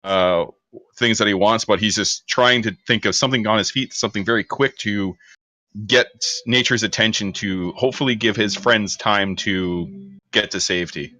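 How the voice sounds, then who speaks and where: A man's voice: fairly low pitch, moderate pace, pushed and bright, no room sound. A man describing his character's actions in a tabletop game, rambling and full of fillers. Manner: loose, rambling with many fillers.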